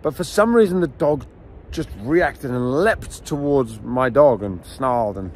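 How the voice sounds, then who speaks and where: A middle-aged man, a dog trainer, teaching outdoors near a beach in a casual, animated storytelling way. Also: medium pitch, measured pace, slight background noise. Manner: animated storyteller, acts out scenes. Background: faint outdoor ambience with waves.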